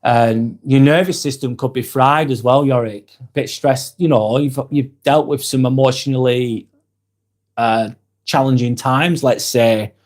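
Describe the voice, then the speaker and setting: Steady in tone and measured in pace, a British man with a medium-pitched voice hosts a live stream. He reads viewer comments aloud and replies softly and sympathetically, with the occasional light laugh.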